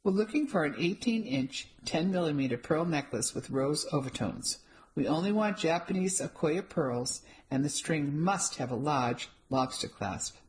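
A woman voicing a stylish, confident sister who likes to take charge and speaks in a brisk, self-assured way. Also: low voice, lively intonation, darkish tone. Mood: precise. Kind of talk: audiobook character reading.

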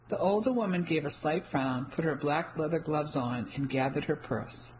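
A woman reading a first-person mystery novel aloud in an even, descriptive storytelling manner. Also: a bass voice, normal speed, a little hiss or hum, low-quality recording. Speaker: audiobook narrator.

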